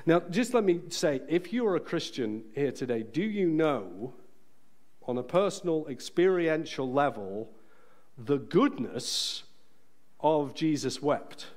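A man preaching a sermon in a church, earnest and emphatic, slowing down to stress key phrases. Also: fairly high pitch, animated, darkish tone.

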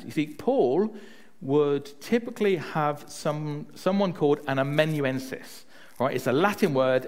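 A male preacher giving a relaxed, conversational sermon. His pitch moves a lot as he talks, rising and falling with the story. He keeps checking in with his listeners and drops into personal anecdotes to make his point. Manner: chatty, often adds "right?" to check in with listeners.

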